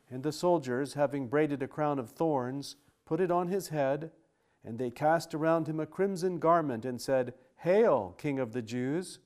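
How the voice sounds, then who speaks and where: A man reading scripture aloud in a steady, formal style with archaic wording. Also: medium pitch.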